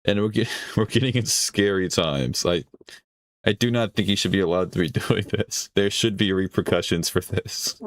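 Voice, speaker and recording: A man with a deep voice hosts a stream, reacting to a video with rambling, casual commentary at a moderate pace. He swears often and laughs mid-sentence. The recording is dry.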